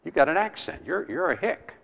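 A man's voice: fairly high pitch, sing-song, fairly quick, vocal fry, a bit bright, dull audio, voice pushed up, heavily acted. Man putting on a mocking servant girl. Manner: mocking, teasing. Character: scornful young servant girl. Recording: long hall reverb.

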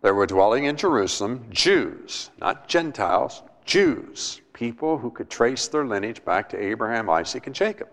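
Male preacher, emphatic sermon, rough gravelly tone, long hall echo. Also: mid-range voice, lively intonation, moderate pace, few pauses. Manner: emphatic, repeats words, asks the listeners questions.

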